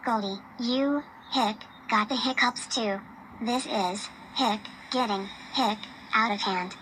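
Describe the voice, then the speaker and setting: A woman's synthetic voice playing an exasperated female cartoon friend, scolding in a flat delivery. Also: a little high, moderate pace, slight background noise, poor audio.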